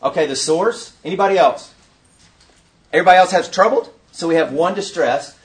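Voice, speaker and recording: A man leading an interactive teaching session at a conference, quizzing his audience in an animated way. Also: high-pitched, a little fast. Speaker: workshop teacher.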